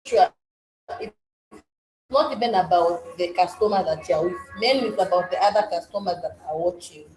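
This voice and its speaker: A woman's voice: lowish voice, normal speed, over music. A woman moderating a coaching session and interpreting, switching between English and Swahili and often restarting her sentences. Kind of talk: workshop moderation. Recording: echoey room with faint ambience.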